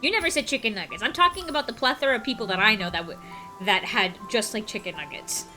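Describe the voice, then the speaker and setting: A woman's voice: fairly high pitch, lively intonation, quick pace, music in the background. A woman streaming a game, chatting casually and playfully, teasing her viewers. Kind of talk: casual chat while gaming on stream. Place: at a home computer desk.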